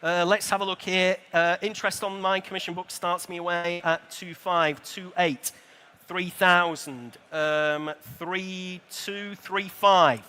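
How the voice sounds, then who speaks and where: A man calling a live auction, rattling off bids in a brisk, chatty patter with dry little asides. His voice sits high and bright, cutting through. Long reverb trails off the walls of a large exhibition hall. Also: steady tone, clear, resonant tone.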